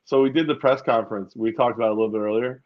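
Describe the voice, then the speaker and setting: A man's voice: mid-range voice, fairly even intonation, racing, muffled recording. A male co-host from New York State chatting casually about sports, rambling and hesitant, laughing often. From New York State, outside the city.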